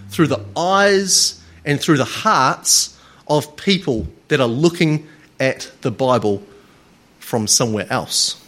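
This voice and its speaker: A man lecturing a live group, chatty and playful with the audience, then slow and deliberate. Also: fairly high pitch, a bit bright.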